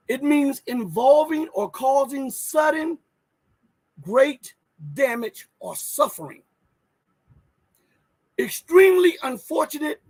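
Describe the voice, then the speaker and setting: A man's voice: extremely high pitch, slightly rough, no echo, poor audio. A man hosting a live news commentary show, emphatic and full of rhetorical questions, thinking aloud as he pulls up and reads articles. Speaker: host.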